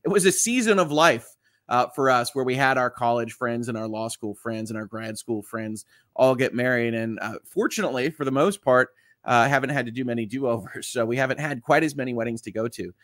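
A man's voice: mid-range voice, a little fast, a bit bright, dry recording, studio quality. A man who is a lawyer, hosting a casual live stream and reading viewer comments aloud in a chatty way, with lots of fillers. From Southeast Michigan.

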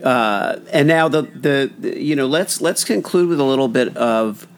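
Gravelly-voiced male podcast host. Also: medium pitch, lively intonation, faint music behind. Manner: halting, many restarts and fillers. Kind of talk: casual interview chat.

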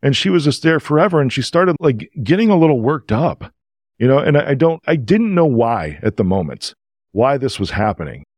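A man who is a podcast guest, telling stories in an earnest, emotional and animated way. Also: medium pitch, brisk, dry recording. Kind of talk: casual storytelling.

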